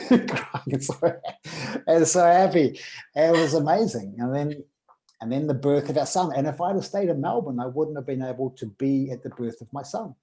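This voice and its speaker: A man with a mellow, relaxed tone of voice tells a personal story as a podcast guest. He talks casually, with animated storytelling, and acts out the voices in his anecdotes. His pitch sits at an everyday middle height. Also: rough recording. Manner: animated storyteller acting out dialogue.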